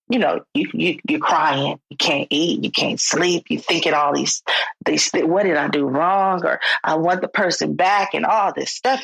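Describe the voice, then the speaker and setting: A woman's voice: on the low side, gravelly, a bit bright, breathy edge, dry recording, poor audio. A woman who works as a clinical social worker, explaining mental health conversationally in a podcast interview and acting out quoted speech. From United States. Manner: conversational, acts out quoted speech, informal phrasing.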